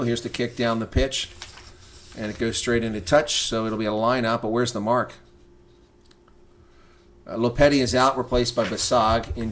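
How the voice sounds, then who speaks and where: Excitable man calling rugby live. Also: fairly low pitch. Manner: excitable, swings from calm calling to loud outrage; talks to chat viewers between plays. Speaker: livestream rugby commentator. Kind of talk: live reaction play-by-play commentary.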